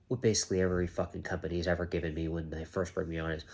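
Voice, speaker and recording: A security guard venting to his camera, half awake, emphatic and cursing on purpose, often mimicking managers in a high mocking voice. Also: level tone, rapid-fire, creaky, few pauses, slightly rough.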